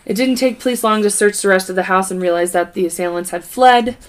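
A woman co-hosting a podcast reads a true crime case from her notes at a quick pace and medium pitch. Her delivery is casual, with stumbles over words and added asides.

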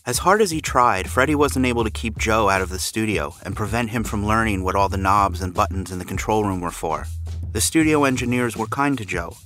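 Low, bright-toned male narrator. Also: brisk, soft background music. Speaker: podcast narrator. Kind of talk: scripted narration.

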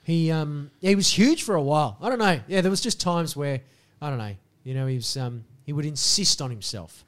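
A slightly hoarse man co-hosting a podcast, his voice sitting a little high for a man. He talks loud and animated, swearing freely through the banter. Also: a little fast. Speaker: podcast co-host. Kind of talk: casual chat.

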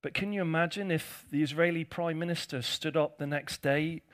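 A man's voice: on the high side, steady tone, normal speed. A male pastor preaching a conversational sermon, with jokey asides to his congregation.

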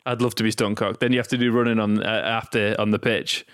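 A man's voice: lowish voice, little pitch movement, quick pace, fairly bright tone, smooth, dry recording, clean studio sound. A young man, a rugby player co-hosting a podcast, rambling easily with lots of fillers. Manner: laid-back, rambling with fillers. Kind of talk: casual chat.

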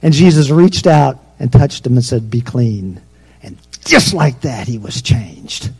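A pastor preaching a sermon, swinging between loud emphatic peaks and soft, low asides. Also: male voice, lively intonation, a little slow, creaky, breathy edge.

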